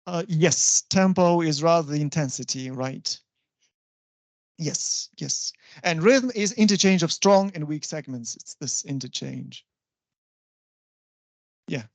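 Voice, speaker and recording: A university lecturer, explaining patiently and often checking understanding with a quick "right?". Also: medium pitch, gravelly, dry recording. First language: Russian. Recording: dull, dry lo-fi recording.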